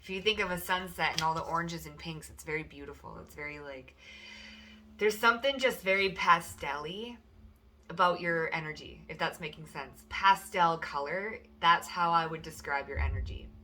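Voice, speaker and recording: A woman giving a chatty, loose pick-a-card tarot reading at home, often slipping into high, animated voices for the people she describes. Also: moderate pace, slight background noise.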